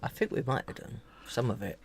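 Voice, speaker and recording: A man's voice: medium pitch, a little fast, gravelly, husky. A man co-hosting a casual livestream chat, laid-back with mumbled trailing asides. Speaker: co-host.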